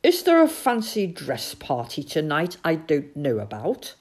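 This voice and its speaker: A woman's voice: sits low, huge pitch swings, a little slow, slightly rough, heavily acted. A woman voicing a bumbling, hard-of-hearing old male badger in a storybook. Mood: surprised. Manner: loud, eager, hard of hearing.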